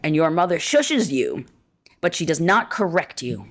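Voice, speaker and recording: Woman reading an essay, low and lively. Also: measured pace. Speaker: reader of an essay.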